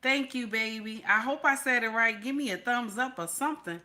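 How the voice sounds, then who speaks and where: A woman's voice: a little high, moderate pace, pushed and bright. Chatty woman livestream host. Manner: chatty, greets viewers as baby and honey; repeats herself for emphasis. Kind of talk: casual livestream commentary.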